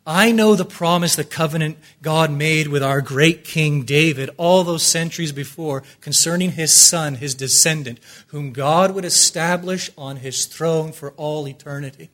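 A man preaching with a bright, forceful voice that sits a little high for a man. He swings between ringing declarations and hushed, pleading lines, building rhythm through repeated phrases in his sermon. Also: a little slow.

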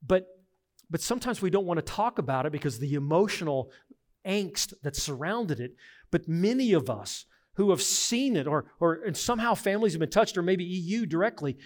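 A middle-aged man preaching a sermon as pastor, earnest and emphatic, swinging between hushed reflection and forceful insistence. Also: sits high, expressive, normal speed.

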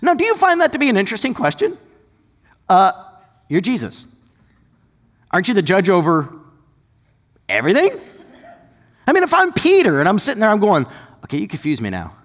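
A man preaching a sermon as pastor, conversational and animated, with sudden shouts and quick asides. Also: high voice. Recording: long hall reverb.

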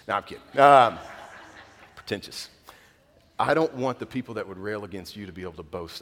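Pastor preaching in a big hall. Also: male voice, medium pitch, brisk. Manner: conversational, animated storytelling with laughs. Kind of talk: sermon. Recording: long reverb in a large hall.

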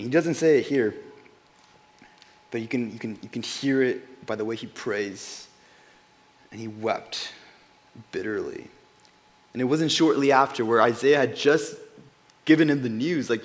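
A man giving an informal Bible devotional, earnest and conversational, often repeating words as he goes and dropping quiet at emotional points. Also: mid-range voice, measured pace, pauses often.

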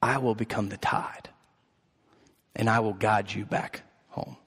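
A gentle, patient mother rabbit from a storybook, her soft voice pitched low and quiet, as a man puts her on. The sound rings with a long hall echo. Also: fairly even intonation, unhurried, husky, exaggerated voice. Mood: tender. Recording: echoey hall.

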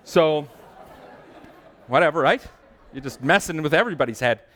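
A man's voice: fairly high pitch, expressive, moderate pace, a bit bright, some chatter behind. A man in his thirties giving a sermon, telling a personal story in a chatty, self-deprecating way that builds in intensity. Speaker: preacher.

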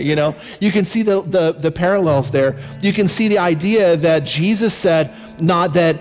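High-voiced male pastor preaching in a hall. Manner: conversational preaching, slows down for emphasis. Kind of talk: sermon. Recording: long reverb from a large hall. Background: faint music.

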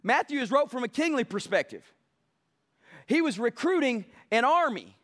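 High-voiced preacher man. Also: very animated, moderate pace. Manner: emphatic, building passion, mocks soft quotes. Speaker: pastor. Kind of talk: sermon.

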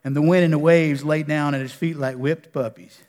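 A male pastor preaching a sermon in a folksy way, dropping to a hush and rising to loud bursts. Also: a little high, steady tone, brisk. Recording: echoey hall with long reverb.

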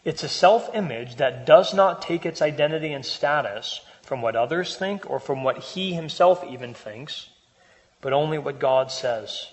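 A man's voice: on the high side, lively intonation, unhurried, big-room sound, rough recording. A man preaching a sermon, talking to the congregation in a conversational way and asking them rhetorical questions. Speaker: pastor.

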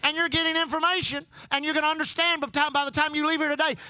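An older pastor preaches in a high, bright voice. He stacks repeated phrases and calls out to the church for a response. The sound is dry and close. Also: level tone, racing, no room sound. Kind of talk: sermon.

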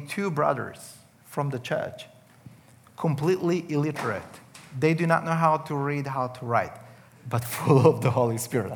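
Emotional man telling his story. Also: medium pitch. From Serbia. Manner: emotional storytelling with many restarts. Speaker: guest sharing testimony. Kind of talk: personal testimony.

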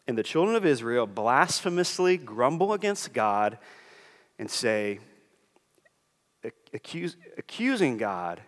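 A man's voice: mid-range voice, very animated, measured pace, in a large hall. A man preaching a sermon in earnest, walking through scripture and briefly acting out the voices of the people he quotes. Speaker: pastor.

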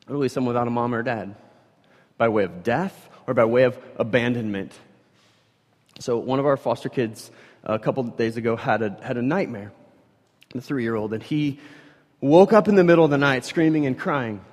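A man preaches in a casual, animated way, his voice rising into loud emphatic bursts and then dropping to quiet, low lines. His pitch sits mid-range for a man. The sound carries a long reverb, as in a church sanctuary. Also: fairly quick. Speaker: pastor. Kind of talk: sermon. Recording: reverberant hall.

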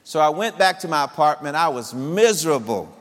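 Animated storytelling man in a hall. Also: fairly high pitch, fairly quick. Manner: animated storyteller, laughs often. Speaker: speaker addressing singles. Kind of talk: personal storytelling talk.

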